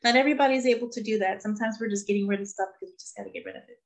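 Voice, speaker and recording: A woman's voice: a little high, very fast. A woman hosting a casual spiritual group chat, exclamatory and preachy, repeating key phrases. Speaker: host of a spiritual talk.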